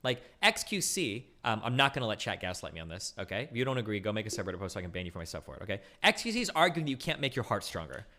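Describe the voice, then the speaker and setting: A man hosting a live stream, commenting casually in profane, animated rants. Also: mid-range voice. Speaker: streamer host.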